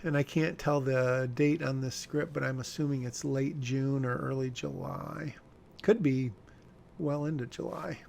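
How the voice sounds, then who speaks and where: Gravelly man musing over his screenplay. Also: medium pitch, fairly even intonation, measured pace, a little mellow, a little hiss or hum. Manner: rambling, self-correcting, wry asides. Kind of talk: casual talk about his screenplay.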